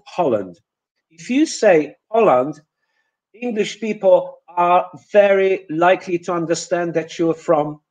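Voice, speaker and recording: A man gives a webinar lesson on English pronunciation, speaking very slowly in a slightly high but dark, mellow voice. He models words carefully and often pauses with um and uh while he explains. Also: dull audio. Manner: lecturing, demonstrates sounds slowly, frequent um and uh. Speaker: pronunciation teacher.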